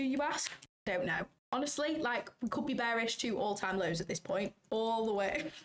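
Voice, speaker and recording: A woman's voice: medium pitch, a little hiss or hum. A woman chatting casually on a trading livestream, rambling and talkative with self-conscious asides.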